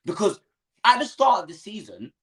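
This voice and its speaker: A man's voice: sits high, wildly swooping pitch, normal speed, a bit bright. A young man co-hosting a football watchalong, talking in casual slangy banter and getting worked up about rival fans.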